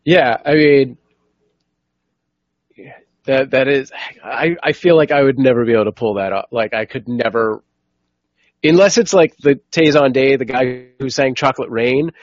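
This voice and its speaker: A man's voice: medium pitch, moderate pace, no echo, lo-fi sound. A man hosting a podcast in casual, easygoing chat who keeps steering the conversation back on track. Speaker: podcast host.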